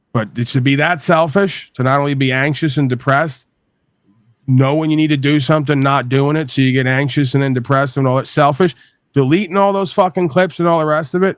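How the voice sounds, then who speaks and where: A man's voice: medium pitch, dry recording, clean studio sound. Crude, ranting man from New York. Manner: crude, rambling, animated venting. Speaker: podcast host. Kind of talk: profane ranting monologue.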